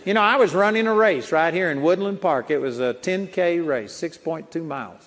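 At normal speed, a man with a slightly high, fairly bright voice delivers a sermon like a folksy storyteller, laughing softly at his own anecdotes. The setting is a large auditorium, and the recording has long auditorium reverb.

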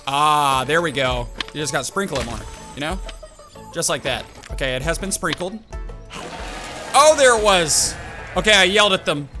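A young man giving excited let's-play commentary on a game, with sudden loud outbursts and gasps. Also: fairly high pitch, brisk. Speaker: gaming YouTuber. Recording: game music behind the voice. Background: game music.

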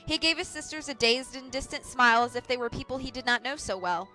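A woman reading a children's novel aloud on a livestream, with clear, measured storytelling. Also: sits high, lively intonation, pushed and bright, soft background music, rough recording. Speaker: audiobook reader.

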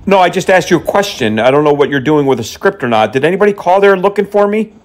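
A man's voice: high voice, lively intonation, fast talker. A man making prank phone calls, taunting and mocking, dropping Hindi phrases. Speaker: prank caller.

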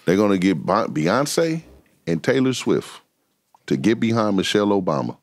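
A man's voice: lowish voice, sing-song, normal speed, darkish tone. Blunt, slangy man in studio banter. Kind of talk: casual opinionated chat. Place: recording studio.

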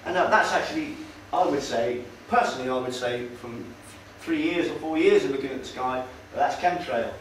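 A man's voice: medium pitch, moderate pace, hardly any pauses. Sardonic man lecturing a hall. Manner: conversational, sardonic, hesitant with fillers. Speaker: speaker at a public talk. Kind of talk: casual lecture to an audience. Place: meeting hall. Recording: roomy hall, far from mic, faint noise.

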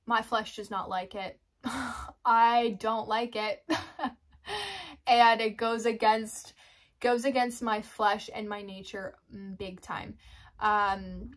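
A woman giving a casual devotional talk, chatty, laughing often and acting out her own inner thoughts. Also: medium pitch. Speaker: Christian devotional vlogger. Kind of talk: casual faith talk to camera.

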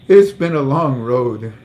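Low-voiced man telling a personal story. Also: a little mellow. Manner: emotional storytelling, repeats words. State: under treatment for cancer. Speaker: livestream host. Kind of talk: casual livestream talk.

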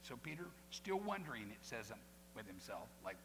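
A male pastor preaching a sermon with lively asides, acting out quoted voices. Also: lowish voice, normal speed. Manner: animated, acts out quoted voices, folksy asides. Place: church sanctuary. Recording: long hall reverb, faint noise.

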